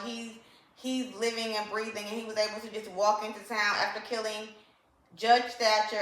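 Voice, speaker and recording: Opinionated lady doing a book review, kinda high voice, echoey room. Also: a bit bright. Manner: emphatic and opinionated, repeats for effect. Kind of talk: casual video book review.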